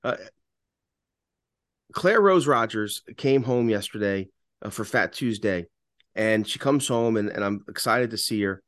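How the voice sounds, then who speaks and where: A man's voice: lowish voice, lively intonation, a little slow, pauses often, fairly bright tone, dry recording, studio quality. A man co-hosting a political podcast, talking with passion and often restarting his sentences. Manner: repetitive restarts, impassioned. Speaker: radio talk show host.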